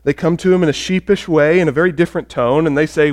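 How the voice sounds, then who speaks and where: Animated man preaching in a high voice. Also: fast talker. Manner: animated, acts out quoted voices, shifts between loud emphasis and quiet; talks with the congregation, asks questions. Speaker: pastor. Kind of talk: sermon.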